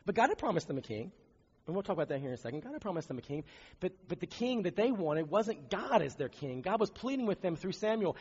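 A man preaching a conversational, animated sermon, often asking rhetorical questions. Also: fairly high pitch, quick pace, breathy edge. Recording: dull recording in a reverberant hall.

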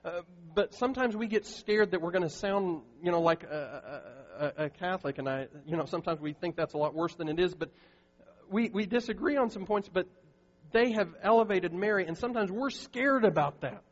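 A man's voice: sits high, expressive, brisk. Man, pastor, emphatic sermon, stumbles and restarts, long church reverb, muffled sound. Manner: earnest, emphatic preaching with frequent restarts. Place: church sanctuary.

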